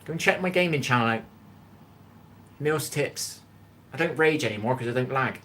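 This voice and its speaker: A man's voice: medium pitch, animated, normal speed, fairly bright tone, slight background noise. Chatty Bristol man live-streaming from his kitchen. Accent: Bristol English. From England. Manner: chatty, greets viewers by name, reads out chat. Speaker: live-stream cooking host. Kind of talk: casual live-stream chat with viewers. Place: home kitchen.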